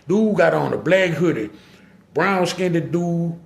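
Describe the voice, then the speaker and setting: Male podcast storyteller with a New Orleans accent, gravelly, slightly high-pitched, casual and animated. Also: takes it slowly. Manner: slangy, animated, acts out dialogue. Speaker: podcast guest telling a story.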